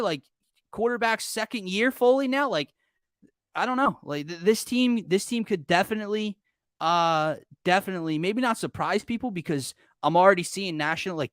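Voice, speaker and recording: A man with a slightly high voice hosts a casual sports talk show, and he keeps getting carried away mid-point. He talks fast and excitedly and trips over his own sentences. The sound is close and dry, with no room around it. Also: dry recording. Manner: excitable, rambling, often self-interrupting. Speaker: podcast host.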